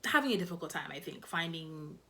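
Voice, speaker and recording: A woman's voice: low voice, animated, fairly quick, sharp tone, a little hiss or hum. A young woman casually reviewing TV episodes, talking loosely with lots of "like" and "you know". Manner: chatty, loose, heavy on fillers like "like" and "you know". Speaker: TV show reviewer.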